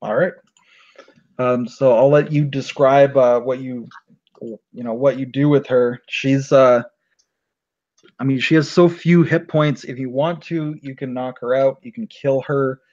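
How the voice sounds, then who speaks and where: A man who is game master, narrating a tabletop game in a relaxed way, with plenty of fillers. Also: medium pitch, measured pace. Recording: dull lo-fi recording.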